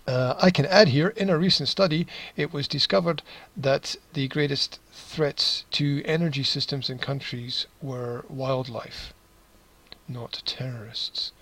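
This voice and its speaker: A man's voice: fairly high pitch, a little slow, a bit bright, poor audio. A man teaching English, reading a news text aloud and adding sarcastic, chuckling asides.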